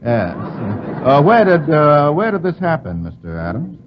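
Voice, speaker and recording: A man moderating a live radio quiz show, a brisk questioner who chuckles at the panel's answers. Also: a little high, big pitch swings, background noise. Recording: dull 1940s radio broadcast recording.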